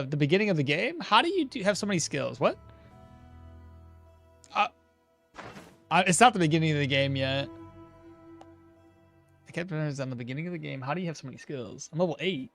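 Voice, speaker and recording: Male streamer, slightly high and lively delivery, relaxed talk-through of his own play with frequent chuckles. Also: brisk, pauses often, faint music behind. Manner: thinks aloud, chuckles often, answers chat. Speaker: streamer playing a game. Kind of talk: casual gameplay commentary.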